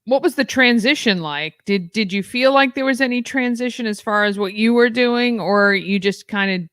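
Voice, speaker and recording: A woman's voice: a little high, normal speed, a bit bright, clear, resonant tone, no echo, studio quality. A woman co-hosting a casual interview, asking eager, curious questions. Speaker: co-host.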